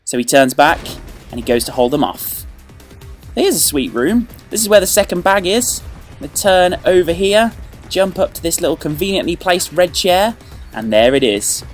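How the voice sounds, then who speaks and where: A man hosting a video game walkthrough, joking and playful, with sudden excited outbursts. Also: a little high, normal speed, faint music behind. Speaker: let's play host.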